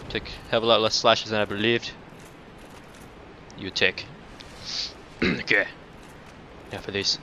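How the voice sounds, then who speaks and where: A man doing casual let's-play commentary, cursing and taunting enemies, dropping to mutters and then breaking into loud outbursts. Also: fairly low pitch, level tone, moderate pace, long pauses, slight background noise. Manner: profane, talks back to enemies, swings between mutters and outbursts. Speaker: gameplay commentator.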